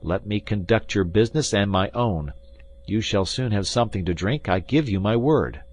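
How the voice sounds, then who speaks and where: A man doing a loud, commanding young swordsman. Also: lowish voice, expressive, moderate pace. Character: bold young male swordsman, quick-witted, commanding.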